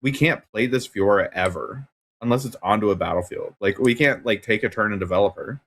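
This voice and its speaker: Excitable male card game caster. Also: fairly low pitch, fairly quick. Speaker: tournament co-caster. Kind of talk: casual game commentary.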